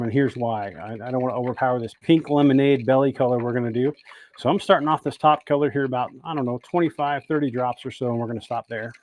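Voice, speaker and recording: A man's voice: medium pitch, darkish tone. A man hosting a casual livestream from an indoor workshop, chatting and greeting viewers by name as he works. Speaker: host of a bait-making livestream. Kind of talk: casual livestream demo talk.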